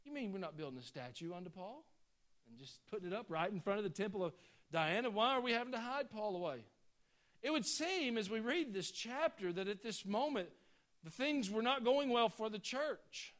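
A man preaching a sermon with passion, swinging from loud bursts to hushed, quiet passages. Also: high-pitched. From United States.

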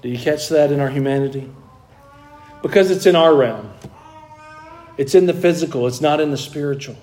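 A man's voice: on the high side, moderate pace, a little mellow. A man preaching a sermon in an earnest, emphatic way, restarting phrases and pressing key points. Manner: earnest, emphatic, with frequent restarts and rising stresses.

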